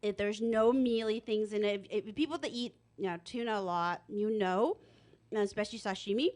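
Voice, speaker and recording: A woman's voice: medium pitch, a little fast, a little mellow. A woman co-hosting a radio food show, casually chatting and describing each bite with enthusiasm. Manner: effusive, lingering over each bite. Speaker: co-host tasting food. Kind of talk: casual food-tasting chat.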